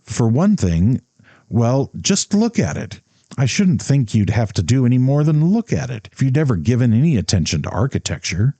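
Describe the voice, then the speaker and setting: A man's voice: medium pitch, very animated, normal speed, dark tone, no echo, pitched above the performer's own voice. A man voicing a proud, blunt young man who lectures haughtily in an audiobook. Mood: scornful.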